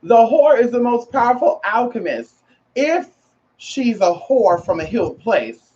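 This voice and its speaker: A woman's voice: a little high, sing-song, measured pace, dark tone. A woman vlogger in casual chat to camera, sassy and slangy, calling listeners girl and honey and repeating phrases for emphasis. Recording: muffled lo-fi recording.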